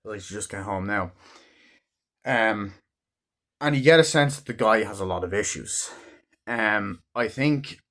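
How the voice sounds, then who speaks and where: A man with a fairly low voice talks through a film in a casual review. He retells scenes loosely, swears freely and leans on "like" and "um" as he goes. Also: a bit bright. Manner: rambling and heavily profane.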